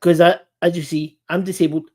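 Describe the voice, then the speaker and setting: A man hosting a casual live-stream chat, talking earnestly in halting bursts with many restarts and repeated words. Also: a little high, flat delivery, dark tone.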